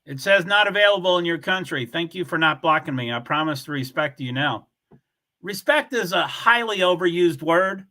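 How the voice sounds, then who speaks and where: A man runs a casual livestream, talking loosely and bluntly as he reads out viewers' comments. His voice sits high for a man and comes across bright and forward. He talks into a computer mic. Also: animated, moderate pace. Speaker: livestream host.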